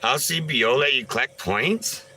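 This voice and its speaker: A man's voice: medium pitch, normal speed, bright, forceful tone, slight background noise, rough recording. A man chatting casually on a live stream, answering viewers in a loose, rambling way with lots of filler sounds and some swearing. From Canada. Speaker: livestreamer.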